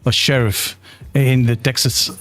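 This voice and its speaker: Playful guy co-host poking at the host, mid pitch voice. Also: level tone, a little slow, fairly bright tone. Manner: playful, prodding questions. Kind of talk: casual panel chat.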